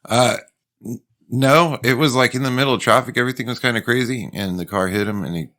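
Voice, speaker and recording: A man telling travel stories in a deadpan, matter-of-fact way on a casual podcast. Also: mid-range voice, fairly quick. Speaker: podcast co-host. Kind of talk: casual chat.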